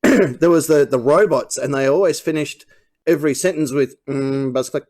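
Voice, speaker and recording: Male comedy host, slightly high voice, laughs at his own jokes, live panel banter. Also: moderate pace, darkish tone.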